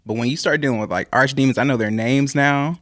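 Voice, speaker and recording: A man's voice: medium pitch, fast, fairly bright tone, dry recording, clean studio sound. A young man telling a personal story in a casual podcast chat, rambling and laughing often. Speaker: podcast guest.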